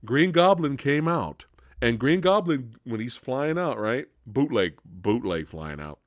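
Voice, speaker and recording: A man hosting a live Q&A stream, chatting casually, swearing freely and laughing loudly. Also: mid-range voice, big pitch swings, measured pace, no echo, studio quality.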